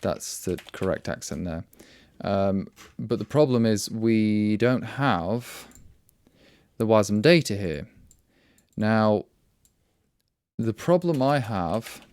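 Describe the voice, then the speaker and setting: The sound is clean with no room sound, carrying a fairly low, darkish male voice that is clean in tone. He runs a casual programming livestream, wry and rambling, repeatedly interrupting himself mid-word.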